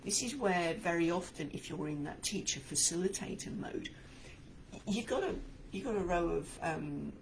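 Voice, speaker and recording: Woman coach, animated and emphatic, a touch congested, faint noise behind. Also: on the low side, normal speed, poor audio. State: a bit stuffy-nosed. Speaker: speaking coach. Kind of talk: talking-to-camera coaching talk.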